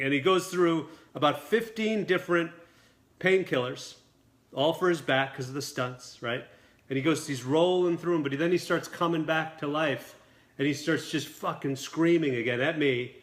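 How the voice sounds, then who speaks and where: A man, a film director and guest, telling a lively anecdote at a dinner table interview. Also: fairly high pitch. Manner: quick, lively storytelling with acted quotes.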